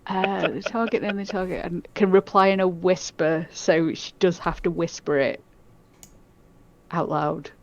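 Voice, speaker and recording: A woman playing a tabletop game, talking hesitantly with many pauses. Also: lowish voice, steady tone, creaky, a little mellow, lo-fi sound, a little hiss or hum. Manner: hesitant, lots of ums and restarts. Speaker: player. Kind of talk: casual tabletop play.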